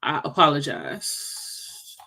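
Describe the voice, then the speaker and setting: A woman leading a casual team livestream in an unhurried, drawn-out way. She chats and teases her team as she reads their answers. She thinks out loud while working through the numbers. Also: deep voice, huge pitch swings, gravelly. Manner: chatty, teasing, thinks aloud while working sums. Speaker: sales team leader.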